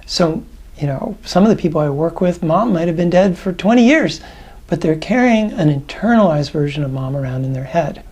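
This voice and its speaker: A man, a tapping practitioner and coach, giving conversational, reflective advice to the camera with thoughtful pauses. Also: on the high side, lively intonation, a little mellow, slightly rough.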